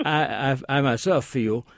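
A man answers listeners on a call-in radio show, rambling through his explanations with frequent pauses and self-corrections. His voice is mid-pitched and sits dry and close to the mic. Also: vocal fry, no room sound. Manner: rambling, many hesitations and asides. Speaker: guest language expert.

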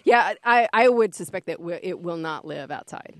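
A woman's voice: on the low side, lively intonation, moderate pace. A woman gardening expert answering radio callers in a casual, friendly way, laughing easily and explaining with hedges. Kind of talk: casual radio call-in advice. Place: radio studio.

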